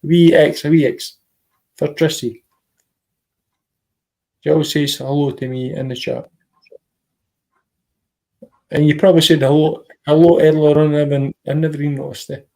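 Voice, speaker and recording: A man with a Scottish accent chatting casually on a live stream call, animated and repeating himself. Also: fairly high pitch, normal speed, creaky, pauses often. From Scotland.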